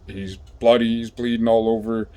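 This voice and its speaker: A man telling a story in a casual, rambling way, swearing a lot and filling pauses with ums and you-knows. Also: medium pitch, little pitch movement, warm tone. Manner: rambling, profane, with many fillers.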